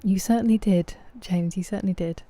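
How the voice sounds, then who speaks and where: A woman's voice: mid-range voice, fairly quick, dark tone, dry recording. A woman with a British accent chatting casually with viewers during a live game stream, answering them by name.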